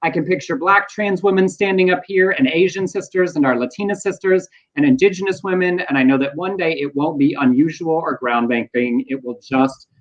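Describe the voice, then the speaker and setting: A man co-hosting a casual news talk show, animated, with playful asides and quotes. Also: on the high side, fairly quick, hardly any pauses, lo-fi sound. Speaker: podcast co-host.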